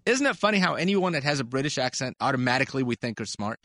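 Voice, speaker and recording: Bright, chatty man hosting a radio show. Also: medium pitch, fast talker, no echo, studio quality. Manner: animated, chatty, laughs easily. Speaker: radio show host, sports medicine doctor. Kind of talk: call-in radio chat.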